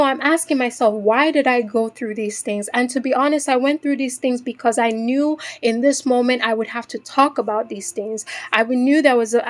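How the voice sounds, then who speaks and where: A woman in a faceless vlog giving a heartfelt motivational chat to other women. She talks earnestly, repeats herself for emphasis and speaks of her faith. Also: high-pitched. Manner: earnest, repetitive, speaks straight to the listener as "ladies"; faith-driven encouraging tone.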